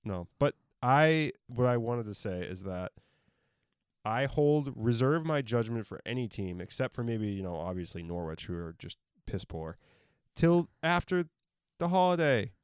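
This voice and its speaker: A man's voice: medium pitch, lively intonation, unhurried, clean tone, dry recording. A man co-hosting a podcast from a home studio, chatting casually and joking, with side remarks as he goes. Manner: joking, laid-back, trails off into asides. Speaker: podcast co-host. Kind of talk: casual sports chat.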